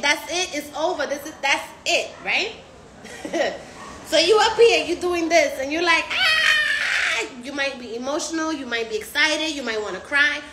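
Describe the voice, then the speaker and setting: A woman's voice: sits high, echoey room, noisy background. A woman hosting a casual live stream, slangy and profane, acting out other people's voices as she talks. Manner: animated, acts out patients' voices. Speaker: recovery house host.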